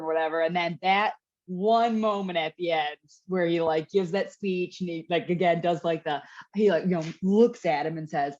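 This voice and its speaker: In a dull-sounding lo-fi recording, a woman co-hosting a podcast chats casually and rambles, full of fillers and restarts. Her voice is on the low side and a little mellow, moving at a moderate pace.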